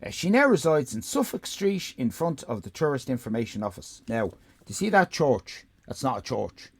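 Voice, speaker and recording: A man's voice: mid-range voice, big pitch swings, normal speed, slightly rough. An Irish man streaming live, giving rambling, sarcastic, profane commentary.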